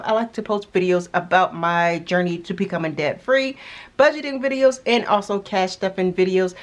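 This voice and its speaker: A young woman vlogger chatting casually, exasperated and full of fillers as she talks through her bills. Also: mid-range voice. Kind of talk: casual chat.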